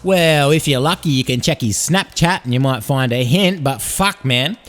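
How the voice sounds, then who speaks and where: A man's voice: medium pitch, moderate pace, fairly bright tone, faint music behind. An Australian man hosting a podcast, telling crude, profane tall tales in a rambling comic monologue. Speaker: podcast host.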